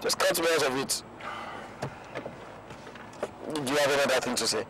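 An actor playing a loyal best friend with a Nigerian accent, firmly refusing to take part. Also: male voice, mid-range voice, very fast, noisy background, close to an everyday voice. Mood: reproachful. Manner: firm, reproachful.

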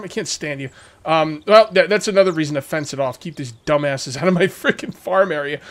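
A man hosting a let's play, chatting to himself and his viewers as he builds in a survival game and jokingly scolds the characters in his way. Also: on the high side. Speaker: gaming channel host.

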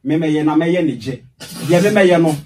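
A boastful Ghanaian man talks quickly in a high voice and switches between Twi and English in heated radio banter. He sounds a little distant from the mic, and the broadcast catches him slightly off-axis. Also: a little mellow, a little hiss or hum. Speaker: radio guest.

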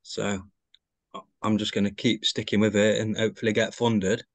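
A man with a low, flat voice introduces himself on a video call. He is matter-of-fact and plain-spoken. The sound is dry and close. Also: moderate pace, dry recording. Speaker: student in the class. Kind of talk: casual self-introduction.

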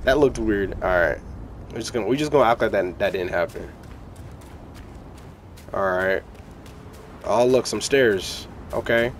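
A young man giving casual, excitable, slangy commentary while playing a video game. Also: on the low side, unhurried, long pauses, slight background noise. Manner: excitable, yelling, slangy, hype. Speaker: gaming streamer.

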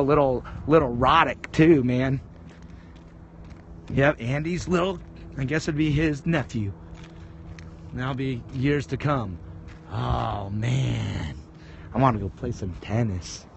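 Walking around a tennis ranch outdoors, a man livestreams from his phone, chatting casually and rambling in an upbeat mood. His voice is medium-pitched and creaky, and the recording carries a little hiss or hum.

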